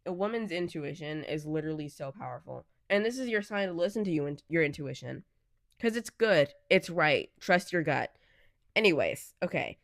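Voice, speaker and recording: A woman with a notably low, deep-set voice talks through her podcast in a candid, chatty way. She reads passages aloud and reacts to them in between. The sound is dry and close, with no room around it. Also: expressive, moderate pace, dry recording. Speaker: podcast host. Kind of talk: casual solo podcast chat.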